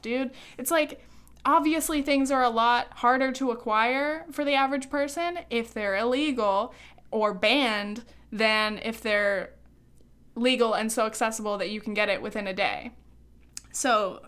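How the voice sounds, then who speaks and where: A woman hosting a podcast, ranting quickly and heatedly, running short of breath. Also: a little high, fairly bright tone. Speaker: podcast host. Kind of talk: opinionated podcast monologue.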